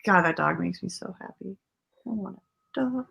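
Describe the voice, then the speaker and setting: A young woman hosting a casual movie watchalong who swears freely, laughs often and reacts loudly to the film. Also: mid-range voice, moderate pace, vocal fry, husky.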